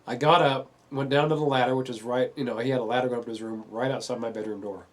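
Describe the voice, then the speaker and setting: A man earnestly telling a painful family story in a halting way, full of fillers. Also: medium pitch, steady tone. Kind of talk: personal testimony.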